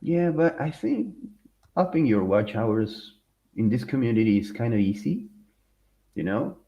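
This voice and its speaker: Man, podcast co-host, casual chat, slow unhurried delivery, lively pitch, dull lo-fi sound. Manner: animated, rambling with restarts and laughter.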